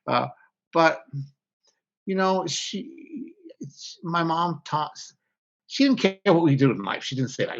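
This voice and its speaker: A man's voice: a little high, very animated, unhurried. A man, a guest author, speaking candidly and reflectively in an interview, often breaking off mid-thought. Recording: slightly dull lo-fi audio.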